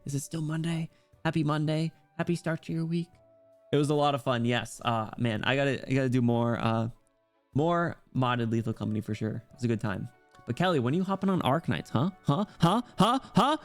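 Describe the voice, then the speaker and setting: A man chatting casually with his stream viewers, playful and quick to laugh, with soft music behind. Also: medium pitch.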